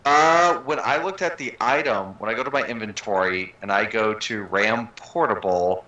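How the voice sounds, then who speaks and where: Eager joking guy at a tabletop game, sharp lowish voice, echoey room. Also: moderate pace, dull audio. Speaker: player. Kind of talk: casual tabletop game chat.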